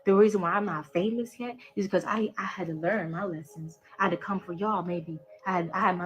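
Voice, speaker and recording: A woman's voice: lowish voice, a little fast, few pauses, faint music behind, rough recording. A woman in a played social media clip, ranting in a boastful, profane and emotional way and affirming herself. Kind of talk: social media live rant.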